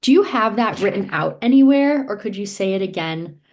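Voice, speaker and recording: A woman's voice: mid-range voice, expressive, normal speed, darkish tone. A woman taking part in a virtual gathering, asking a question hesitantly and with many fillers on a video call. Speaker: participant.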